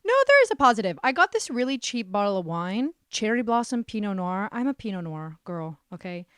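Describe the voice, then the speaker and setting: A woman's voice: mid-range voice, big pitch swings, fairly quick, fairly bright tone, smooth, dry recording, clean studio sound. A young woman hosting her own podcast, talking alone in a sarcastic, self-deprecating way, swearing freely and sounding a bit stuffy from a cold. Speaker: podcast host. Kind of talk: casual solo podcast monologue.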